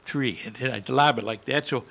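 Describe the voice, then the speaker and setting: Man in his 80s, veteran panelist, gravelly edge, storytelling with spoken gunfire. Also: medium pitch, normal speed, fairly bright tone. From United States. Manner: vivid, with spoken gunshot sounds. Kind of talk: storytelling to a live audience. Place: conference hall panel.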